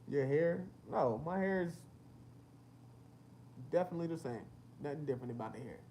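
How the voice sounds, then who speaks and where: A young livestream host speaks at normal speed with a voice on the high side, pausing often over slight background noise. His casual stream mixes chat-comment reading with animated storytelling full of slang and cursing.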